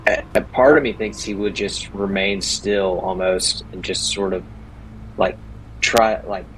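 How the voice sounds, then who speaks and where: A man's voice: low-pitched, steady tone, unhurried, fairly bright tone, slight background noise, low-quality recording. A man playing in a tabletop game, explaining his character's choices hesitantly with many fillers and restarts. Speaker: player. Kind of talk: casual in-game discussion.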